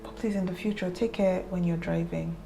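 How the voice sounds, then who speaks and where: An actress playing a composed young doctor with a Nigerian accent, speaking firmly and calmly. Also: female voice, lowish voice, a little fast, gravelly. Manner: firm, calming. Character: composed young female doctor, firm but kind.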